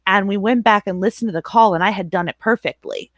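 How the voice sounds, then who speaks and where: A woman's voice: mid-range voice, fast talker, dry recording. Chatty, laughing woman streamer. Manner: chatty, laughs often, animated storyteller. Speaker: streamer and channel moderator. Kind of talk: casual livestream chat.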